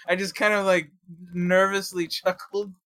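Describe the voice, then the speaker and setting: High-voiced young man telling a rambling story. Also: little pitch movement, measured pace, sharp tone. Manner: rambling storyteller, many fillers and restarts, laughs often. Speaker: podcast co-host. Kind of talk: casual chat, telling a work story.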